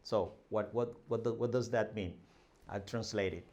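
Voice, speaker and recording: A man teaching a language lesson at a measured, patient pace. He reads short dialogue lines and translates each one, pausing often with fillers and restarts. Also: on the low side, fairly even intonation, a little mellow. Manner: explains slowly with many fillers and restarts.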